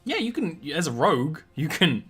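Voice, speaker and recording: A man's voice: fairly high pitch, big pitch swings, normal speed, fairly bright tone, soft background music. A man narrating as game master of a tabletop game, easygoing and loose, with many fillers.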